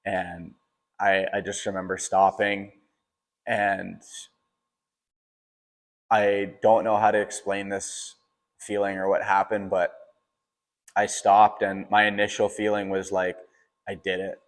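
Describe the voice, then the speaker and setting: A man's voice: sits low, little pitch movement, takes it slowly, long pauses. A young man hosting a podcast, telling a personal story in a casual way, often saying "like" and restarting his sentences. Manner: casual, fills with "like", frequent restarts. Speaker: podcast host. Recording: long reverberant echo.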